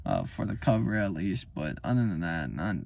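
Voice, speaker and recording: A man's voice: deep voice, expressive, moderate pace, creaky, a little mellow, slight background noise. A man, a musician, talking about his album in a casual, profane, heated rant. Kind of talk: casual unscripted monologue.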